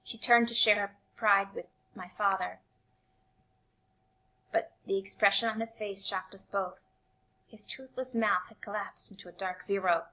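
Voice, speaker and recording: A woman reading a novel aloud in an expressive way, shifting between quiet and intense passages. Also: mid-range voice. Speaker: reader.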